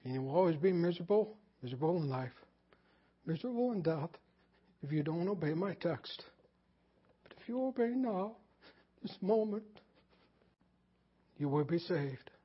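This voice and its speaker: A man's voice: a little high, lively intonation, moderate pace, long pauses, slightly rough. A man voicing a fervent, plain-spoken old country preacher with an Essex accent, pleading and repeating his refrain. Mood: solemn. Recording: dull lo-fi sermon recording.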